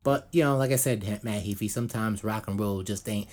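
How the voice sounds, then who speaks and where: A man's voice: fairly low pitch, fairly quick, a little mellow. A man co-hosting a podcast in casual chat, rambling with lots of fillers and restarts. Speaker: podcast co-host.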